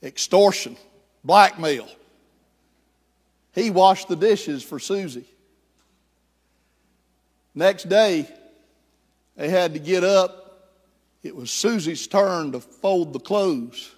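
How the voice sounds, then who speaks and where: A man's voice: high-pitched, animated, slow, long pauses, a little mellow, slightly rough. A male pastor telling a story and then preaching and praying in a sermon. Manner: storytelling, then fervent and prayerful. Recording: echoey hall.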